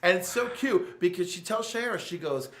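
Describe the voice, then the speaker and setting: A man hosting a casual podcast, excitedly recapping a comic storyline with lots of filler words. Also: high-pitched, normal speed, a little hiss or hum. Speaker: podcast host reviewing comics. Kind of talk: casual chat. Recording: roomy echo.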